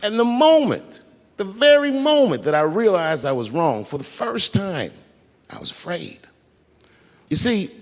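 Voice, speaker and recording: A man telling a long stand-up story on a big theater stage, his voice swinging up and down as he acts out each character. The sound rings out with the long reverb of a large hall. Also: a little high. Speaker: stand-up comedian. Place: large theater stage before a live audience.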